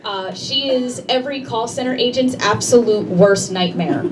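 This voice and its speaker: A woman's voice: fairly high pitch, moderate pace. Brash woman doing stand-up. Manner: brash, conversational, addresses the audience directly. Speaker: stand-up comedian. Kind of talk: stand-up comedy set. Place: comedy club stage. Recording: distant mic, noisy room ambience.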